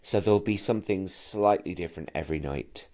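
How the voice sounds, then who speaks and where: A middle-aged man from Manchester, a camp and animated actor and singer who often stammers into his sentences while chatting as an interview guest. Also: sits low, brisk. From Manchester, England. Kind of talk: casual interview chat.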